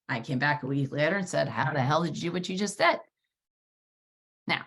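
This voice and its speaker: A woman hosting a solo podcast, telling a personal story in a lively, wordy way and swearing freely. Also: extremely low pitch. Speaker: podcast host.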